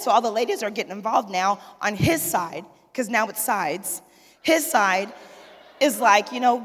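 Husky woman telling stories in a hall. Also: a little high, measured pace. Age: 40s. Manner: animated, laughing, acts out dialogue. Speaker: pastor's wife speaking to a church audience. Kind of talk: humorous storytelling testimony.

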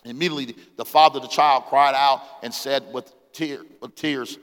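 A pastor in his forties preaches with a bright, forceful voice that sits a little high for a man. He calls out to the congregation, climbs to shouts, then drops low to read scripture. His voice rings through a church hall with a long reverb. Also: fast talker. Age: 40s. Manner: call-and-response preaching, rises to shouts, reads scripture aloud. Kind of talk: sermon.

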